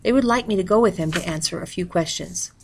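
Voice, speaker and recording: A woman voicing a worried Japanese immigrant father who speaks calmly and politely. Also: lowish voice, quick pace, creaky, slight background noise. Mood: strained calm.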